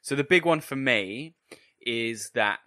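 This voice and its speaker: A man's voice: mid-range voice, lively intonation, slow, bright, forceful tone, no room sound, clean studio sound. A man co-hosting a casual podcast, laying out his criticisms of an episode's plotting and pacing in an analytical way. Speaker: podcast co-host. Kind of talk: casual discussion.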